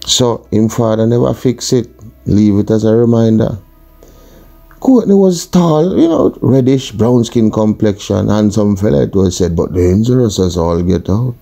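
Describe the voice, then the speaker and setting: A man's voice: fairly low pitch, a little slow, creaky, warm tone, faint music behind. A man with a Jamaican accent telling a true crime story in a casual, colourful, conversational way.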